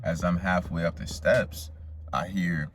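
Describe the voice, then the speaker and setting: A man's voice: sits low, steady tone, unhurried, a little hiss or hum. A young man casually telling a profane, slangy story straight to his viewers as a vlogger.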